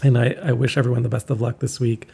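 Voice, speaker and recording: A man from Canada chats casually as a podcast host, joking dryly as he goes. His voice is deeply gravelly and somewhat husky, with a dark, mellow tone. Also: level tone, quick pace. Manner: wry, joking. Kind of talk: casual chat. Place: home in Toronto.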